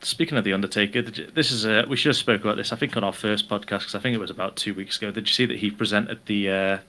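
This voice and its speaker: A man co-hosting an unscripted wrestling podcast, chatting in a relaxed way and running a quiz for his co-host. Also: on the low side, racing. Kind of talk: casual unscripted chat.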